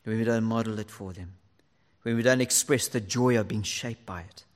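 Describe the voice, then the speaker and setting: A man's voice: on the low side, moderate pace. Earnest male preacher in a reverberant hall. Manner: earnest, lively, drops to near whisper for emphasis. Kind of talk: sermon to fathers.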